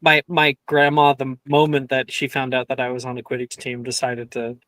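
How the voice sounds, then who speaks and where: A man's voice: mid-range voice, monotone, normal speed, a bit bright, no echo. Man, tabletop player in character, loose and teasing delivery, dead-dry recording. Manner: rambling, playful, laughs mid-sentence. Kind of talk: in-character role-play.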